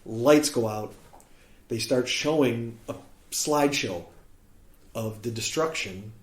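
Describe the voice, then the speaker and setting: A man from Chicago, a guest musician on a podcast, telling a story in a lively way and acting out what people said. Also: medium pitch, slow. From Chicago, USA. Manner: animated storyteller who acts out quoted speech. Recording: roomy echo.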